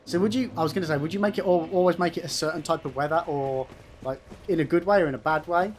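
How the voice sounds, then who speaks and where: A young man with a slightly high voice talks fast while streaming a game live, swearing freely and bantering with his chat between fights. It's casual live commentary as he plays and reads chat, with a little hiss or hum in the audio.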